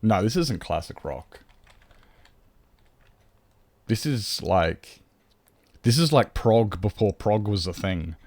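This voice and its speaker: A man with an Australian accent and a fairly low voice chats away as he plays, rambling and reacting to his viewers. The sound is dry and close. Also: expressive, takes it slowly, pauses often, a little mellow, no room sound. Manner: rambling, reads and answers chat. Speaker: streamer. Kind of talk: casual chat while playing a game.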